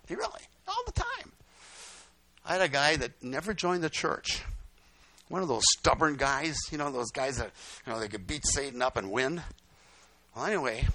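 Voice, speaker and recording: A man's voice: on the high side, sing-song, normal speed, long pauses, pushed and bright, no room sound. An older man preaching, telling folksy stories with repeated lines and "guess what?" asides. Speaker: pastor. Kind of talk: storytelling sermon.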